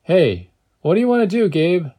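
A man's voice: mid-range voice, sing-song, quick pace, a little mellow, husky, pitched above the performer's own voice. A man reading aloud and voicing a reckless young male driver who sounds defensive and apologetic.

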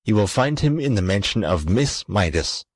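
A man's voice: lowish voice, big pitch swings, moderate pace, slightly rough, dry recording, clean studio sound. A man reading a poor, downtrodden glass blower. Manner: pleading, then eager.

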